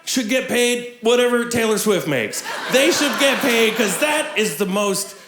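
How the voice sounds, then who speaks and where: A young man performing a live stand-up comedy set on a theatre stage, animated and breaking into shouts for punchlines. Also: very high-pitched, measured pace. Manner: laughs at his own jokes. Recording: echoey theatre with audience noise.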